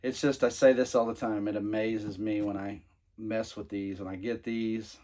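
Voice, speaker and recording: Low-voiced man rambling through a toy review. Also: little pitch movement, moderate pace, warm tone. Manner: rambling, many fillers and restarts. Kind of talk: casual unboxing review.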